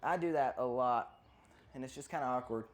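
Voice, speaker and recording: A stand-up comedian rambles through a routine at medium pitch and a fairly quick pace, often losing their place and interrupting themselves.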